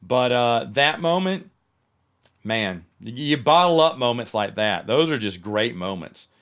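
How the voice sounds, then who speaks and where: A man talks alone on his podcast in a relaxed, chatty way. He tells anecdotes with lively energy and often starts a sentence over before finishing it. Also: mid-range voice, clean tone. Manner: chatty, animated storyteller who often restarts sentences. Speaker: podcast host. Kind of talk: casual solo podcast monologue.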